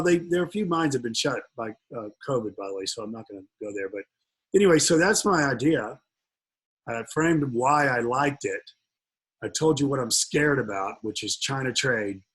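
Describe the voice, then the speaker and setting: Male webinar host, husky voice, rambling jokey delivery full of fillers. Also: mid-range voice, rough recording. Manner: rambling, joking, many fillers. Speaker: webinar host and investment speaker. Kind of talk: casual webinar talk with jokes.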